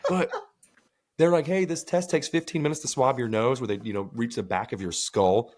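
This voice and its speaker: A man's voice: medium pitch, a little fast, a little mellow. A man co-hosting a podcast, telling rambling, profane stories in casual chat. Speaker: podcast co-host.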